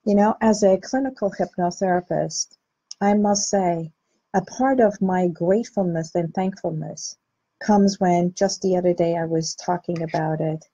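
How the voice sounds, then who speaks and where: A woman's voice: on the low side, fairly even intonation, measured pace, warm tone, husky, dull audio. A middle-aged woman, a clinical hypnotherapist, hosting a heartfelt live talk and greeting viewers by name. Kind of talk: inspirational live-stream talk.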